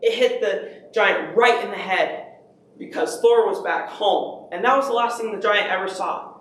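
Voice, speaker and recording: A man performing a myth on stage in an animated way. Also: sits high, moderate pace, slight background noise. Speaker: storyteller. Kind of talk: oral storytelling performance. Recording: echoey room from far off.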